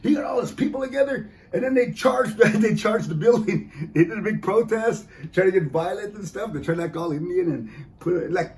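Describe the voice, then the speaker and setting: With a slightly high voice and darkish tone, a male comedian jokes through a stand-up set in an event hall, often dropping into teasing mock voices. The recording sounds distant and echoey.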